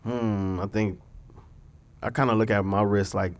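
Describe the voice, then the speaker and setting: A man's voice: fairly low pitch, fairly even intonation, unhurried. A young man from Los Angeles, a singer and songwriter, chatting as a guest in a laid-back, reflective way with loose slang. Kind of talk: casual podcast conversation.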